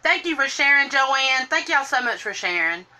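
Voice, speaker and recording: Chatty mom on a bright live stream. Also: female voice, animated, moderate pace, a little hiss or hum. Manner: chatty, greets viewers by name in a high sing-song lilt. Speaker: makeup seller doing a live stream. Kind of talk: casual live-stream chat while doing makeup. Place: home room, indoors.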